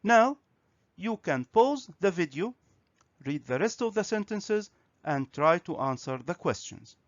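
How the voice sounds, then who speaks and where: Slow, lively-voiced male English teacher. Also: high-pitched, dry recording. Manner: slow, clear, instructive. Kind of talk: video grammar lesson. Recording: dry, slightly dull recording.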